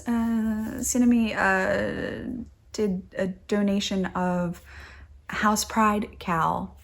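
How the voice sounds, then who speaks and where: A young woman hosting a knitting podcast, chatting casually and gushing over crafts she shows. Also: on the low side. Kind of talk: casual show-and-tell chat.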